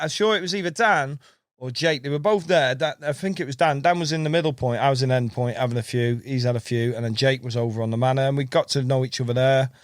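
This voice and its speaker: A man's voice: medium pitch, no echo. Guy in his 30s rambling on about fishing, says mate a lot, dry mic. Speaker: podcast guest, carp angler. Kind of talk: casual storytelling chat.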